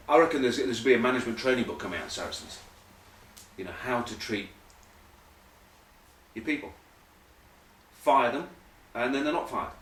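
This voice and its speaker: A man's voice: lowish voice, fairly bright tone, distant mic, a little hiss or hum. Rambling man hosting comic rugby news. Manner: rambling, jokey asides. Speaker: host. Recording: echoey room, voice off-mic.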